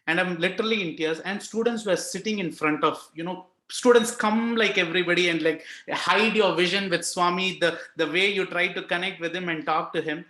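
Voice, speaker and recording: A man's voice: a little high, brisk, pushed and bright, roomy sound. A young Indian man with an Indian accent sharing a personal devotional story, earnest and emotional, with many fillers. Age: young adult. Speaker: speaker sharing a personal experience. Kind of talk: devotional testimony talk.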